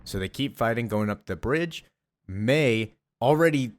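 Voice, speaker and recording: A man's voice: medium pitch, normal speed. A man recapping a comic book story in a casual, chatty, enthusiastic way, with rambling asides.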